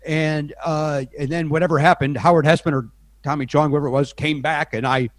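A man's voice: fairly high pitch, steady tone, brisk, no room sound. A middle-aged man, a podcast guest, telling self-deprecating anecdotes in a rambling, casual way with lots of restarts.

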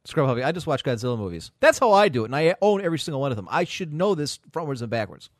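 A man's voice: medium pitch, sing-song, very fast, dry recording, clean studio sound. A man hosting a casual podcast chat, brash and profane, joking and reading out listener messages.

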